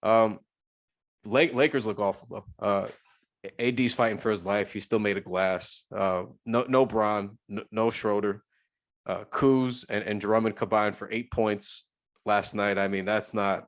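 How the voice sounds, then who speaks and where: A man's voice: lowish voice, steady tone, unhurried. A man co-hosting a sports podcast, talking casually and rambling with many restarts. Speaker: podcast co-host.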